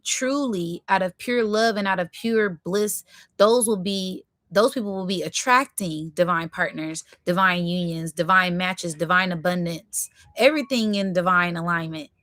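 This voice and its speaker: Excitable woman doing a live tarot reading. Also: fairly low pitch, a little slow, no room sound, studio quality. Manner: affirming, repetitive, bursts into excitement. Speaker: spiritual tarot reader.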